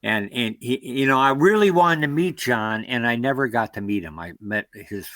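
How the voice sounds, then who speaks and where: Animated American man telling stories. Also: medium pitch, moderate pace, no room sound. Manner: rambling, animated anecdotes with acted-out quotes. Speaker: guest, long-distance canoeist. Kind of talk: storytelling interview.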